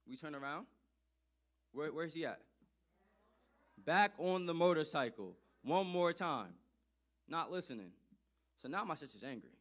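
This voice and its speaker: A man telling a personal story to an audience in an animated, emphatic way, often repeating phrases for effect. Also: medium pitch.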